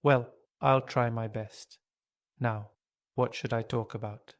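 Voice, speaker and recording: Kindly storybook doctor, soft and measured, unhurried, read by a man. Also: mid-range voice, steady tone. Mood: thoughtful. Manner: gentle, measured, polite. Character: kind calm male doctor, middle-aged.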